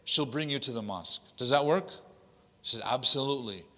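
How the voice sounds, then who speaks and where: An imam tells a story at a workshop, switching into the voices of the people he quotes. His voice is bright and forward. The sound rings out with a long hall reverb. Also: medium pitch, fairly quick. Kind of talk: workshop talk telling a story. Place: mosque hall.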